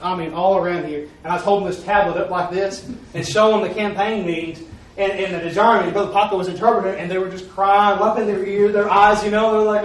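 A man's voice: high voice, quick pace. A man, a preacher giving a folksy, repetitive testimony. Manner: folksy, repetitive, with "I'm telling you". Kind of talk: testimony during a church talk. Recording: echoey room, mic far off, faint noise.

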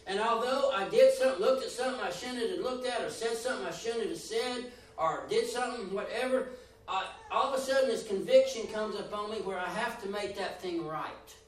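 A man preaches a sermon in a high-pitched voice, swinging his emphasis up and down and acting out the voices he quotes. He sounds set back from the mic in a strongly echoing room with faint noise behind. The recording is roomy and distant. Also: a little fast.

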